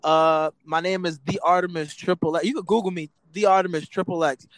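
A man's voice: sits high, fairly even intonation, brisk, no echo. A man as a guest in a casual interview, telling stories in a rambling way.

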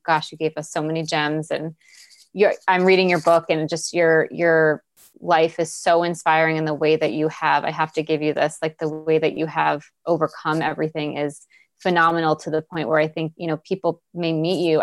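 A woman's voice: low voice, flat delivery, moderate pace, dry recording. Eager woman coach, dry close sound. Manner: eager and earnest, with frequent restarts. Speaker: life coach and guest. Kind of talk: conversational interview.

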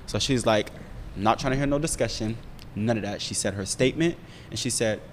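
A young man rattles through a story at a quick clip, his voice sitting a little low. He talks candidly and animatedly, swearing freely, and the room adds a long, ringing reverb. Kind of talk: casual storytelling chat. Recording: roomy reverb with faint rumble.

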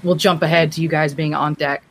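Low-voiced woman narrating a tabletop game. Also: steady tone, brisk. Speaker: game master.

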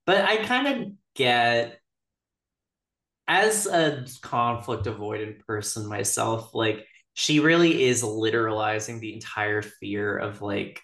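A woman's voice: rumbling low, slow, fairly bright tone. A woman co-hosting a podcast in casual chat, talking loosely and filling her sentences with "like". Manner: chatty, leans on "like" as a filler. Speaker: podcast co-host. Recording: echoey room.

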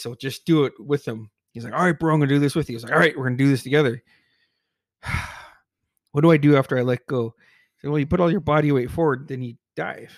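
A podcast co-host with a mid-range voice tells a childhood story in casual chat, swearing freely, laughing often, and doing impressions of his friends. The audio is studio quality with no echo.

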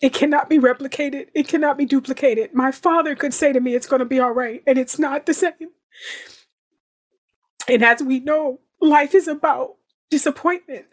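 A woman speaks as a podcast guest in a heartfelt, emphatic way. She drives her points home with repetition. Her voice sits slightly high. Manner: earnest, emphatic, repeats phrases for effect. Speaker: guest actress.

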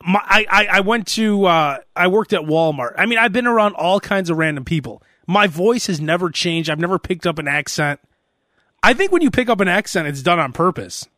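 Animated high-pitched male podcast host. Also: brisk, no room sound, studio quality. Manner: animated storyteller, often slips into mock voices. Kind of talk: casual chat.

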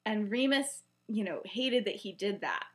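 A woman's voice: mid-range voice, expressive, unhurried, fairly bright tone. A young woman co-hosting a podcast, casually retelling a story with many fillers and acting out the quoted lines. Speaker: podcast co-host.

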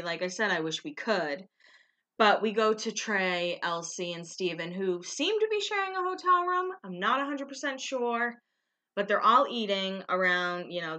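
A woman with a very bright, forward voice talks casually to her viewers in one unrehearsed take. She rambles, corrects herself and laughs easily. She sounds a bit tired. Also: medium pitch. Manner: chatty, rambling, self-correcting, laughs often. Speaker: vlogger recapping a reality show.

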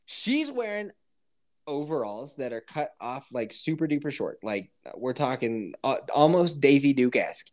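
A woman podcast co-host telling a story in casual chat over a remote call, profane and animated, laughing often. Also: extremely low pitch, normal speed.

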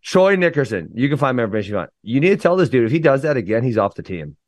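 A man's voice: medium pitch, big pitch swings, fast, dry recording. Blunt man with a dry, close voice. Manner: blunt, opinionated rant. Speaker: podcast co-host and wrestling coach. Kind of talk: casual chat.

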